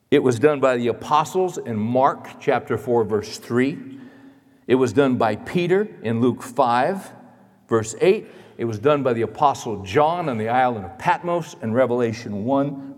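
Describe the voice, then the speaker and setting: A male pastor preaching a sermon in a church, dramatic, moving between loud emphasis and hushed asides. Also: mid-range voice, lively intonation, unhurried, long reverb tail.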